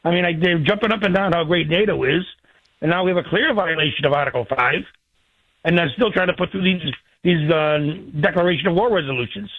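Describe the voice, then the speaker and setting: A radio guest speaks fast and agreeably down a tinny, phone-like line. His voice is fairly high and very dry, with no room around it. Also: dry recording. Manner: quick, agreeing. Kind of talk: call-in commentary.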